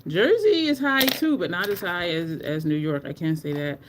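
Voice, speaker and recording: A livestream host chatting casually with viewers at home while trying out makeup, animated and talkative, calling the audience "y'all". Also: medium pitch, moderate pace, noisy background.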